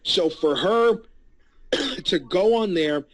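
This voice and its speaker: A man's voice: high-pitched, animated, slow pace, no echo, rough recording. Heated stammering man, dry close sound. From San Antonio area. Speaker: podcast co-host. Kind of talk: casual debate.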